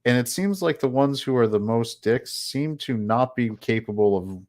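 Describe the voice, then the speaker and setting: A man's voice: mid-range voice, lively intonation, moderate pace, darkish tone. A man on a casual podcast, asking questions, cracking jokes and laughing often. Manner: joking, asks questions, laughs a lot. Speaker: podcast co-host.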